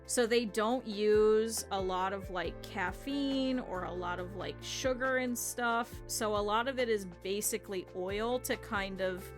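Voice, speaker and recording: A woman's voice: medium pitch, unhurried, few pauses, faint music behind. A woman streamer chatting casually with her viewers while she sews, with laughing asides. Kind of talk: casual livestream chat while sewing.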